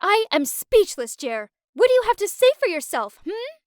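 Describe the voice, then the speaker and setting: A woman voicing a furious young woman yelling at her cheating boyfriend. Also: big pitch swings, moderate pace, no echo, clean studio sound. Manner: shrill, yelling.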